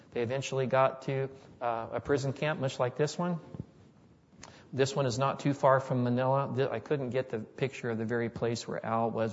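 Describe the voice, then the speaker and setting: A man preaching, unhurried and conversational as he retells a story, often restarting his sentences. His voice carries a long reverb from a large hall, and the sound is slightly dull. His pitch sits in an ordinary middle range. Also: a little mellow. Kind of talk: sermon storytelling.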